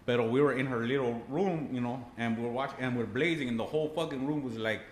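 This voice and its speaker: A man's voice: medium pitch, quick pace, slight background noise, natural voice. A man putting on a laid-back, slangy stoner homie who drawls through a rambling tall tale. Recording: roomy echo, faint background.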